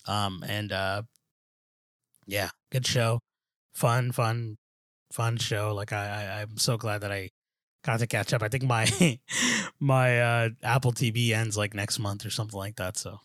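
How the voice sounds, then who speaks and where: Rambling low-voiced man chatting. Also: steady tone, a little slow, fairly bright tone, no room sound, clean studio sound. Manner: rambling, many fillers and restarts, says dude and bro. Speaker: podcast co-host. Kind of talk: casual chat.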